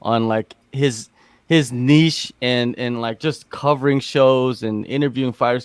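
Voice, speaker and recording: A man's voice: mid-range voice, animated, a little slow, no echo. A man with an American accent hosting a casual podcast chat, asking rambling, filler-heavy questions. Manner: laid-back, rambling questions with many fillers. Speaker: podcast host.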